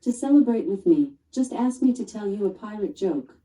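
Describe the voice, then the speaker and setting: A woman voicing a polite female smart speaker assistant, even and synthetic, heard from across a room. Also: medium pitch, normal speed, natural voice. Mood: chirpy. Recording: roomy, from a distant speaker.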